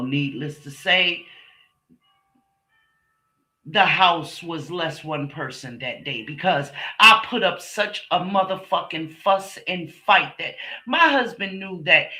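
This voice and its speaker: A woman's voice: lowish voice, lively intonation, slow pace, pushed and bright. A middle-aged woman hosting a stream, telling a personal story to her viewers in a blunt, profane, emphatic way. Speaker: streamer host. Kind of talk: casual monologue to viewers.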